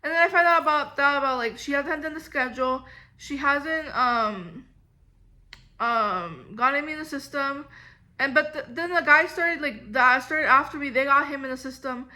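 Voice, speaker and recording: A young woman tells a long, meandering story about bad jobs, filling every pause with "like" and "um". Her voice sits high and bright. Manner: rambling, filler-heavy storytelling. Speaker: vlogger. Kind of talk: storytime vlog.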